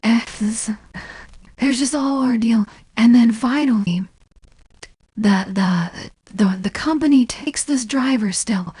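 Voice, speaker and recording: A woman with a somewhat high, mellow and very breathy voice tells a long story in casual stream chat. She rambles, with lots of fillers and restarts, and swears freely. The sound is dry and close, with no room around it. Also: slow, pauses often, no echo.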